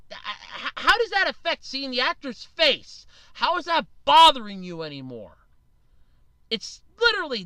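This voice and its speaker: A solo podcast host with a bright, forceful voice that swings widely up and down. The delivery is blunt and opinionated, with casual swearing and rambling restarts, recorded close and dry. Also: sits high, no echo.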